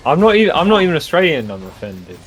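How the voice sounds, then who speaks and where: A man's voice: on the high side, very animated, quick pace, fairly bright tone, slight background noise. A man joking around in a casual chat with friends while gaming, with playful, teasing banter.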